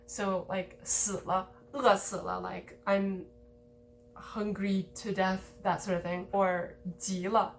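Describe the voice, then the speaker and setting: A woman giving a relaxed, conversational language lesson, explaining grammar points with lots of casual filler words. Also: mid-range voice, slow, gravelly, a little hiss or hum. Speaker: language teacher.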